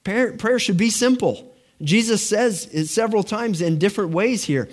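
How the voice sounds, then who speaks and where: Man, pastor, sermon, earnest, conversational, fairly high-pitched. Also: moderate pace. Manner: earnest, conversational preaching with frequent restarts.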